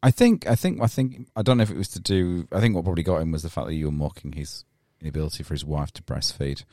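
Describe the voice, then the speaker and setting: A man's voice: extremely low pitch, fast, darkish tone, dry recording, studio quality. A man co-hosting a podcast, teasing his friends with wry questions. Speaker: podcast co-host. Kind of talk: casual podcast banter.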